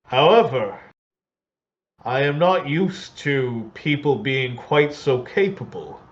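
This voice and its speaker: A man's voice: mid-range voice, animated, slow pace, dull audio. A man voicing a grizzled, wounded sea captain who speaks formally. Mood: measured.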